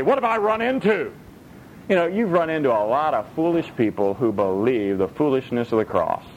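A male preacher giving a sermon in an animated, dramatic, joking way. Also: fairly high pitch, slight background noise, poor audio.

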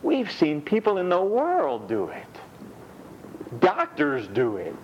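A man preaching to his congregation as their pastor, telling stories with acted-out voices and then reading scripture with slow emphasis. His voice sits fairly high for a man. The recording sounds dull and lo-fi, with a faint hum of room ambience behind him. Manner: animated storytelling with acted-out doctor and patient voices. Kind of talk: sermon.

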